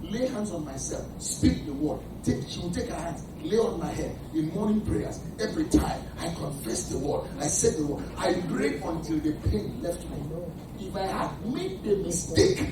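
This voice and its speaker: A man's voice: high voice, sing-song, moderate pace, noisy background. A man preaching a sermon as pastor, emphatic and quizzing the congregation with questions. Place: church hall. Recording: echoey hall from far off.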